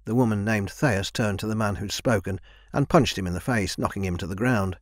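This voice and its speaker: A man narrating a young adult fantasy audiobook in an even, measured reading. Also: on the low side, dry recording, studio quality. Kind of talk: scripted narration.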